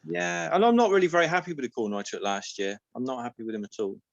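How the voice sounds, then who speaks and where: A man rambles and laughs at his own choices in a casual call. His voice is mid-pitched, dry and a bit dull, as if through a modest mic. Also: quick pace, vocal fry, no echo. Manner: rambling and self-mocking. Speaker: league member on a call. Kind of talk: casual chat.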